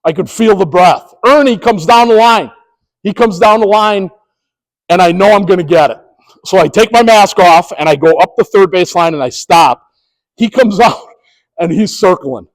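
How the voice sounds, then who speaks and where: A man training sports officials, telling a story in an animated way and acting out the scenes. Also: high voice, normal speed, rough recording. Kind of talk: storytelling presentation.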